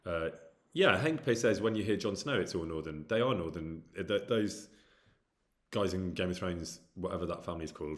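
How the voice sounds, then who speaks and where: Low-voiced Brummie man chatting to viewers. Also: normal speed. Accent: Birmingham (Brummie). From English Midlands, near Birmingham. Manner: chatty, self-deprecating, reads out chat comments. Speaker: livestream host. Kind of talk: casual chat with stream viewers.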